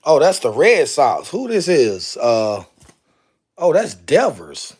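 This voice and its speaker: A man's voice: fairly high pitch, huge pitch swings, slow pace, a little mellow, slightly rough. A man chatting casually on a live stream, exclaiming to himself as he goes through jerseys. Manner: drawling, exclaiming to himself while sorting jerseys.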